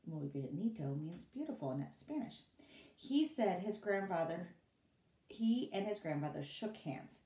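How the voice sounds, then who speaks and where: A woman teacher reads a story aloud to her students, unhurried and expressive, her pitch rising and falling freely. Her fairly low voice sounds roomy and set back from the microphone. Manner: expressive, pausing for students' questions. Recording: roomy, from away from mic.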